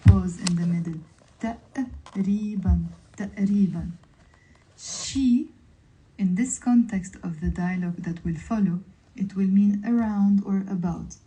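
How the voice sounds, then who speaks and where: A woman teaches Lebanese Arabic vocabulary live, with a Lebanese accent. Her voice is very dark and mellow, and she sits at a middle pitch. She says each word slowly, breaks it into syllables, and repeats it. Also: rough recording. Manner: slow, careful word-by-word pronunciation drills. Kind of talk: vocabulary lesson on a livestream.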